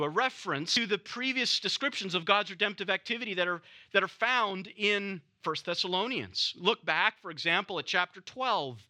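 A man preaching an expository sermon, measured and emphatic, repeating key phrases for weight. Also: sits high, animated, pushed and bright.

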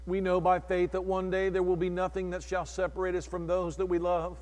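High-voiced man preaching in a reverberant hall. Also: monotone, a little fast. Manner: impassioned, swinging from hushed to shouted. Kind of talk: sermon. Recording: long reverb in a large hall.

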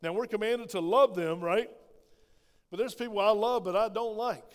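Older pastor preaching hard, high-pitched voice bouncing around a big church hall. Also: male voice, normal speed. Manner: emphatic preaching with call-and-response questions. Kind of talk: sermon. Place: church sanctuary. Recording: echoey church hall reverb.

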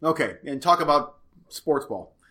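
A man's voice: a little high, animated, unhurried, bright, forceful tone. A man co-hosting a podcast, easygoing and casual, with brief replies. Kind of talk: casual chat.

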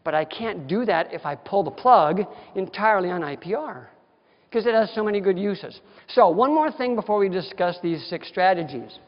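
His voice is high with lively intonation and a moderate pace as he teaches a continuing-education class for dentists. He's a dental lecturer whose delivery is folksy, direct and emphatic, captured in a lecture hall with dull sound and lengthy reverb.

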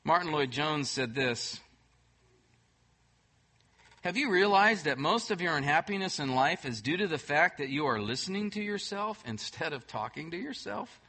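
A man preaching a sermon as pastor, emphatic, swinging between loud bursts and soft, hushed moments. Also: on the high side, animated, normal speed.

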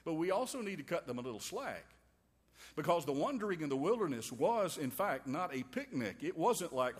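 A man's voice: fairly high pitch, very animated, brisk, slightly rough. A man preaching a sermon in a folksy, wry way, with homey quips and asides to his listeners. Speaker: pastor. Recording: long reverb of a large hall.

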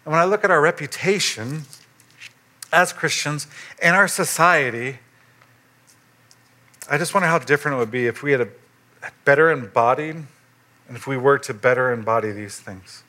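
Bright-voiced man preaching conversationally. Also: mid-range voice, moderate pace, pauses often. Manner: conversational preaching, animated rises for emphasis. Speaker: pastor. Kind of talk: sermon.

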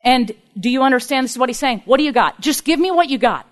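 A woman's voice: high voice, animated, quick pace. A woman preaching a sermon in an earnest, emphatic way, acting out the people in her stories. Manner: earnest, emphatic, acts out quoted speakers.

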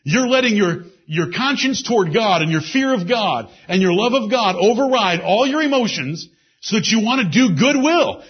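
A man preaching a sermon with emphasis. He repeats key phrases and drops into low asides. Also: lively intonation, moderate pace, breathy edge. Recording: dull lo-fi sermon recording.

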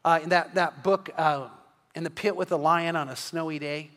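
Man, pastor, earnest preaching, high voice, long church reverb. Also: fairly even intonation, moderate pace, fairly bright tone. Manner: earnest storytelling preacher with frequent restarts. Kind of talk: sermon. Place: church sanctuary.

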